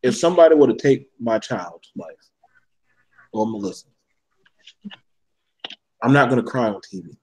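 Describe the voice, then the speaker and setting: A man's voice: medium pitch, animated, moderate pace, pauses often, darkish tone, low-quality recording. A man in a casual panel discussion, speaking bluntly and heatedly, with plenty of swearing.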